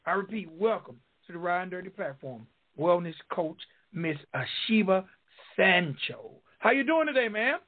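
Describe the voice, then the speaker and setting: A man's voice: high-pitched, animated, moderate pace, narrow, tinny audio. A man with a Southern drawl hosting a radio interview show, talking in emphatic, repetitive promo patter. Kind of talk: hyped-up podcast interview hosting.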